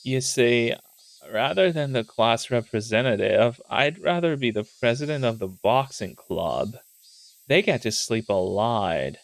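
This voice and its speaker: Lazy teenage schoolgirl, lethargic deadpan jokes, read by a man streamer. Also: unhurried, gravelly. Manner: lethargic, low-key. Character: lazy teenage girl class rep, joking.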